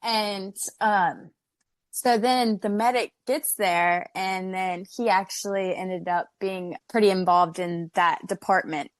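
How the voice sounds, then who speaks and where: A young woman talking as a podcast guest, her voice sitting in an ordinary middle register. The sound is dry and close, and she tells her story excitably, full of "like.". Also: mid-range voice, measured pace, no room sound. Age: young adult. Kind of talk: casual interview storytelling.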